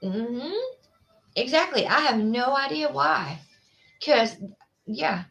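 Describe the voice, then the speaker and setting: A woman's voice: high voice, animated, takes it slowly, gravelly, fairly bright tone, faint music behind. A woman, hosting a livestream and chatting casually with viewers, rambling with lots of fillers. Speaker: livestream host. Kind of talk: casual chat with live viewers.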